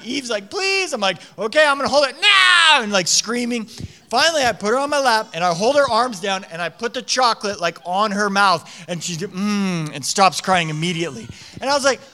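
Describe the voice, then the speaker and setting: A man in his thirties preaching a conversational sermon, telling stories in a lively, casual way with lots of "like" fillers. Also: sits high. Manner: animated storytelling with frequent "like" fillers.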